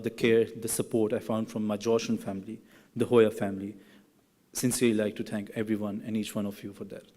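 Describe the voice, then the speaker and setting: A man's voice: mid-range voice, a little mellow. A young man, a graduating student, giving an earnest and teasing ceremony speech at a podium microphone in a large hall. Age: young adult. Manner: earnest, then playfully teasing classmates. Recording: reverberant hall.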